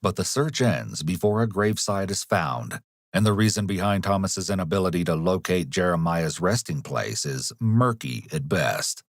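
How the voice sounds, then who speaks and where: A man with a deep, low voice reads scripted narration. He speaks in a measured, analytical way. The sound is dry and close, with no room in it. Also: expressive, no echo. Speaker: documentary narrator.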